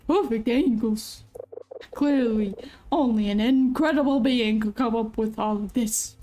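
A woman's voice: on the high side, dark tone. A woman voicing a kindly old grandpa bear who runs a mill, chatty and folksy. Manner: folksy, chatty, fond of old-timey phrasing.

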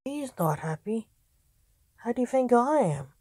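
A woman voicing a quick-witted young male highwayman who talks in sardonic, joking banter. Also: big pitch swings, a little mellow, no echo. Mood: exasperated.

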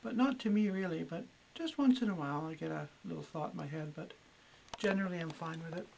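Middle-aged woman, chatty and unhurried. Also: on the low side, creaky, background noise. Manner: chatty and unhurried, with many ums and uhs. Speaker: homeowner and guest. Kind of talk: casual storytelling. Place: her own house at night, indoors.

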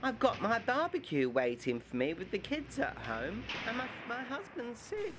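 A man's voice: very high-pitched, huge pitch swings, normal speed, background noise. A man putting on camp, panicky prison staff voices in a homemade parody sketch. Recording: music playing behind the voice.

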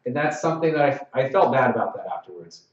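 A man's voice: mid-range voice, big pitch swings, fast talker. Man lecturing in an echoey room. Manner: conversational, frequent "okay?" check-ins, acts out sample lines. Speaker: lacrosse officials trainer. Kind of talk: training session lecture. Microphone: distant mic. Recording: roomy, distant, dull live-stream audio.

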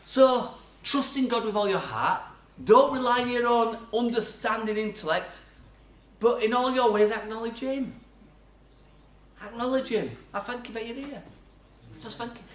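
A man's voice: very high-pitched, normal speed, pauses often. An older man preaching a sermon, telling chatty stories about his own life with self-mocking laughs. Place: church hall. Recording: echoey church sound from far off.

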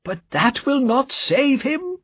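A man voicing a gentle, sorrowful old male banker in a storybook reading. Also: a little high, animated, measured pace, breathy edge, lo-fi sound, voice pushed up, exaggerated voice.

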